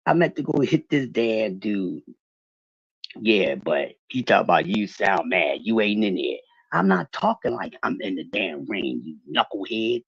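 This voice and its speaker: Man with a husky, lively voice. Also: on the low side, measured pace, no echo, lo-fi sound. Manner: profane, animated, talking back to chat. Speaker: livestream host. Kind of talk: casual livestream boxing rant.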